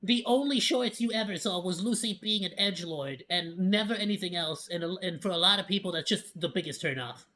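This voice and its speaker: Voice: mid-range voice, a little fast, hardly any pauses. A VTuber streamer giving casual reaction commentary, playful and laughing, rambling with frequent stammers and restarts. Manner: playful, animated.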